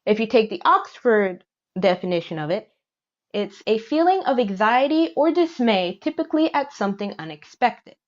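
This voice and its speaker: A woman's voice: on the high side, very animated, normal speed, muffled recording. A young woman hosting a casual solo podcast, rambling and self-deprecating, laughing often. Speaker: podcast host.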